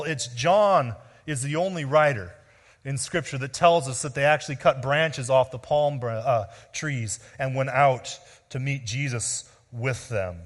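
A man preaching a sermon as pastor, explaining in an earnest teaching tone that drops low and soft on key words. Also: long reverb tail.

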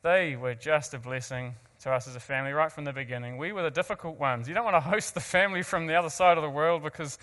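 New Zealand-accented man, fairly high voice, earnest speaker with self-deprecating humor, heard in a reverberant hall. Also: fast talker, few pauses, fairly bright tone. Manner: earnest, self-mocking asides, frequent restarts. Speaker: guest speaker. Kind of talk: personal testimony to an audience.

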